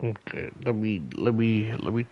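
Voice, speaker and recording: A man's voice: on the low side, steady tone, moderate pace, dull audio. A young man chatting casually late at night, tired and loopy, rambling and self-mocking, filling his talk with "like" and "right?". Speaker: gaming video creator.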